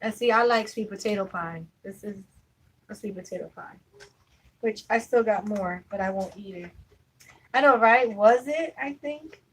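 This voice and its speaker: A woman vlogs from home in a mid-range, slightly breathy voice at a moderate pace, telling family stories to the camera. She's chatty and easygoing, laughing easily, though the recording quality is low.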